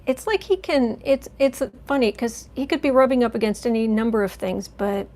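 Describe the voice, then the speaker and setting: On a live stream, a woman who runs a tarot channel chats casually and rambles, now and then cooing softly to her cat. Her voice is on the high side and her speed is normal.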